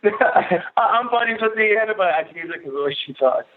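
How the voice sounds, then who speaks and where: A man phones into a podcast, talking in halting bursts, repeating words, and laughing often. His somewhat high voice sounds thin through a tinny phone line. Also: animated. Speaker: caller. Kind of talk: casual call-in chat.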